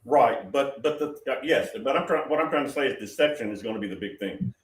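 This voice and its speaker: A man's voice: mid-range voice, animated, quick pace. A man hosting a prophetic talk show, answering questions in a rambling, emphatic way with many restarts over a call. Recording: roomy sound from far off the mic.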